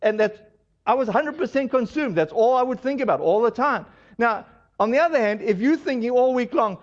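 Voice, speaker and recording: A man preaching a sermon in a conversational, storytelling way, with animated asides. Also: extremely high pitch, brisk, dull audio. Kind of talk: sermon with personal testimony.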